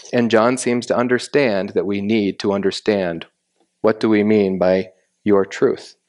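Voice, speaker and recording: Man teaching a Bible passage, low voice. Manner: methodical, explains Greek grammar step by step.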